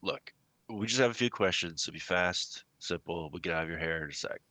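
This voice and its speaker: Deep, bright-toned man, hesitant player. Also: fairly quick, dry recording. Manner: hesitant, with many restarts. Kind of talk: tabletop game play.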